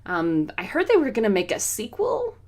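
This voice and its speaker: A woman's voice: medium pitch, wildly swooping pitch, moderate pace, darkish tone. A woman co-hosting a casual podcast panel, talking with many "um"s and "like"s. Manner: hesitant, lots of "um" and "like". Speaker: podcast co-host.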